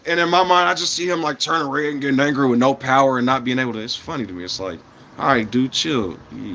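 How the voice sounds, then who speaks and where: A man in his thirties chatting casually to his livestream audience, rambling from point to point, chuckling often and swinging between loud bursts and mumbled asides. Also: medium pitch. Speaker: livestreamer talking to chat.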